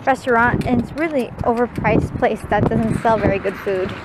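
High-voiced young woman chatting to her camera. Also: moderate pace, heavy background noise. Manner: chatty, coos in baby talk to her pets. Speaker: vlogger. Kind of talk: casual handheld vlog chat.

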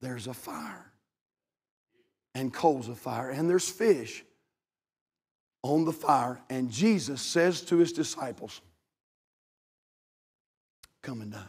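A man preaching as a pastor, impassioned and repeating his phrases, rising to shouts at the high points. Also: animated, slow pace, long pauses, husky. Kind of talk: sermon. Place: church sanctuary. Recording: long reverb of a church hall.

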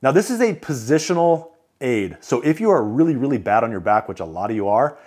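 A man's voice: mid-range voice, expressive, a little fast, darkish tone. A man casually running through sleep equipment picks, chatty with joking asides. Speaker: CPAP equipment reviewer. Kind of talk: casual product rundown.

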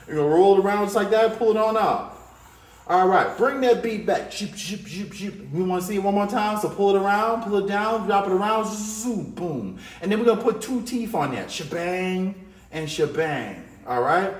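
A man leads a children's drawing lesson with a bright, high-pitched voice, full of playful hype and call-outs to the kids. He drops in little sound effects as he draws. The room around him rings with echo. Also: a little fast. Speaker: art teacher. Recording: echoey room.

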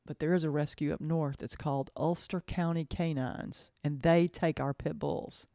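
Her voice sits low and mellow, with fairly even intonation, as this podcast host talks casually and with heartfelt emotion. She stumbles, says things twice, and lets sentences fade before beginning again; the audio is clean studio sound with no echo.

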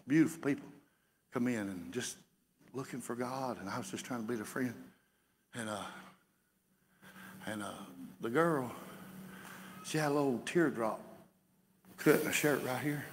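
A man preaching a sermon as pastor, folksy and building to shouts. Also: on the high side, long reverb tail, a little hiss or hum. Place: church sanctuary.

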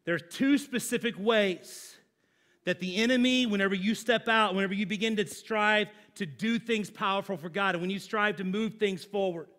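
Man, pastor, sermon, high voice, emphatic and conversational. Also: normal speed, fairly bright tone. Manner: conversational, emphatic preaching with vivid examples.

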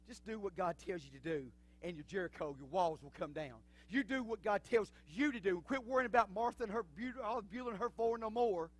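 High-voiced fervent pastor. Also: male voice, a little fast, few pauses. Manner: fervent, swings from low talk to shouting. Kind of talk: sermon. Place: church sanctuary.

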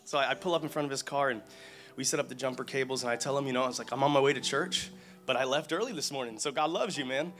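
Fast-talking man giving a church testimony. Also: medium pitch, soft background music. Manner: fast, excited storytelling, rising to loud emotional praise. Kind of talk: testimony story to a congregation.

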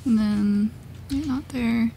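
A woman's voice: fairly high pitch, takes it slowly, creaky, warm tone, slight background noise. A woman playing a video game, chatting casually, giggling and thinking aloud, easily startled. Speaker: gamer. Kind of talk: casual let's-play chat.

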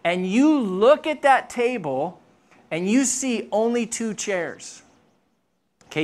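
A pastor, preaching a sermon through playful, animated storytelling. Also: mid-range voice. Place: church.

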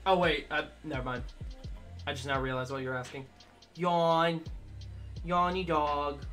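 A man's voice: fairly high pitch, moderate pace, fairly bright tone, faint music behind. A man streaming a game live, chatting casually with viewers and cooing at his dog in baby talk. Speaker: livestreamer.

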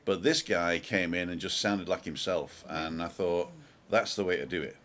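A man's voice: low-pitched, normal speed. A man hosting a casual talk show, telling stories animatedly and imitating singers. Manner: animated storyteller, mimics singing. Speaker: host. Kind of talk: casual chat.

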